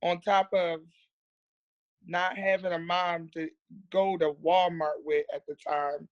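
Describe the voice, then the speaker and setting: A woman's voice: on the low side, level tone, slow pace, dry recording, dull audio. A woman, a nurse, talking as a podcast guest in a candid, earnest way and repeating words for emphasis. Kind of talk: candid personal storytelling.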